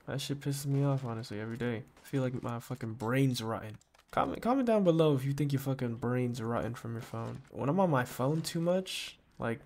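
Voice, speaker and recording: A man giving rambling, profane gameplay commentary, full of slang and sudden excited outbursts. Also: medium pitch. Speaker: gaming YouTuber.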